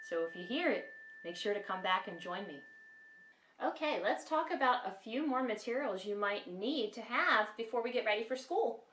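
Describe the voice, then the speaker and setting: A woman teaching a kindergarten lesson to young children in an animated, sing-song voice, recorded in a classroom. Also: mid-range voice, far from the mic, slight background noise. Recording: echoey room, mic set back.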